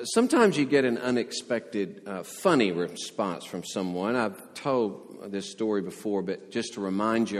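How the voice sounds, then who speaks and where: A man preaching a sermon as pastor, telling stories and lightly acting out quoted voices. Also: fairly low pitch. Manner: storytelling, animated voices for quotes. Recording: long hall reverb.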